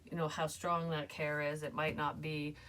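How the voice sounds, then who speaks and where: A woman's voice: deep voice, little pitch movement, normal speed, a bit bright, a little hiss or hum. A woman giving a casual tarot reading, chatty and emotional, swearing now and then. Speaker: psychic tarot reader.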